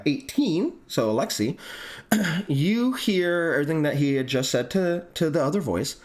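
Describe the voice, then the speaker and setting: A man narrating a tabletop game as game master, halting with frequent ums and throat clearing. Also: fairly high pitch.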